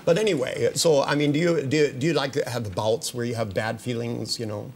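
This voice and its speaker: Older guy hypnotist doing a live demo, gravelly voice, jokey and teasing, then soft and slow. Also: mid-range voice, fairly even intonation, a crowd in the background. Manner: joking and teasing between slow soft trance suggestions. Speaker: hypnotist leading a training seminar. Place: seminar room with participants.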